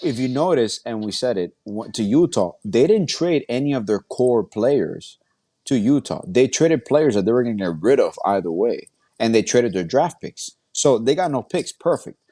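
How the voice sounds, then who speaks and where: A man co-hosting a sports podcast, explaining his points in a calm, steady way. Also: medium pitch, normal speed. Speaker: podcast co-host. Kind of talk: casual sports chat.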